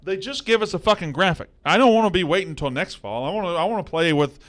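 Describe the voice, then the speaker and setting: A man's voice: high voice, animated, quick pace. Profane, heated male sports-betting host. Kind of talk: casual sports betting chat.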